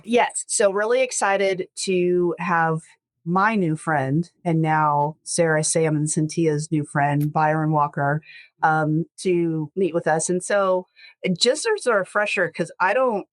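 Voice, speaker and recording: A woman's voice: fairly low pitch, takes it slowly, no echo, studio quality. Chatty woman host, rambling and jokey. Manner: rambling, self-correcting, jokey. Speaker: podcast host, estate lawyer. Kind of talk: casual podcast chat.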